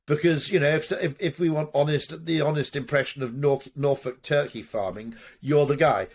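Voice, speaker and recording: A man's voice: on the high side, moderate pace, few pauses. A middle-aged man answering interview questions, telling wry, rambling stories full of restarts and asides. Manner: discursive storytelling with frequent restarts and asides; wry, occasionally profane. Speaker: marketing executive guest.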